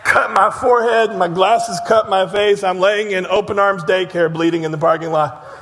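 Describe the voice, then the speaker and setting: High-voiced pastor preaching in a reverberant hall. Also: male voice, moderate pace. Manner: animated storytelling, drops to soft low tones for emphasis. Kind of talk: sermon. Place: church sanctuary.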